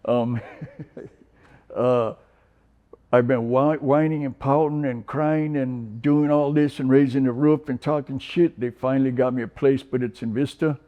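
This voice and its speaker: This is a man in his sixties from San Diego telling his own story to the camera. He talks in a rambling, halting way and keeps restarting his sentences, with a middle-pitched voice. The audio is a little dull and lo-fi. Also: steady tone. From San Diego, California. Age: 60s. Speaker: recovery program resident. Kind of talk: personal testimonial interview.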